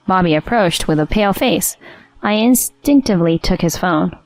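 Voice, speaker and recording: A woman narrating a first-person story in an even, composed way. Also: fairly low pitch, normal speed, no echo. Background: soft music.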